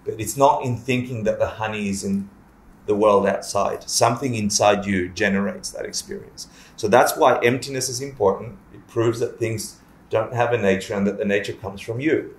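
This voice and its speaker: A man's voice: lowish voice, fairly even intonation, moderate pace. A man teaching a casual Buddhist class, joking, swearing and acting out little scenes as he explains. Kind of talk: lively casual dharma class. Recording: echoey room.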